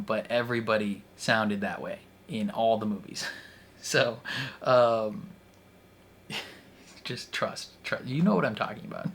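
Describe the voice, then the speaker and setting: A man's voice: mid-range voice, fairly bright tone, a little hiss or hum. A young man chatting casually about a movie he just watched, rambling with lots of fillers and frequent laughter. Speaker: movie reaction youtuber. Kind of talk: casual movie review chat.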